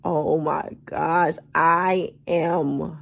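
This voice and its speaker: In a relaxed morning vlog recorded while lying in bed, a groggy woman of thirty who just woke up chats expressively, using y'all and baby for her viewers. Her low voice barely moves in pitch, and she drags out her words with vocal fry over a fairly bright tone.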